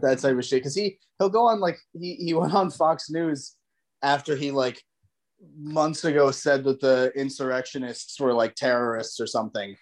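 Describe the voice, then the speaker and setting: A man's voice: medium pitch, steady tone, normal speed. A young man in casual comedic chat, laughing easily and restarting his sentences as a co-host.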